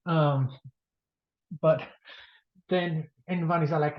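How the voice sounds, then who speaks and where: A man co-hosting a podcast, recapping a book in an animated, jokey way and acting out the scenes. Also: on the high side, moderate pace, pauses often. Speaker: podcast co-host. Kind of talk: excited comedic book recap. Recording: roomy, dull lo-fi podcast audio.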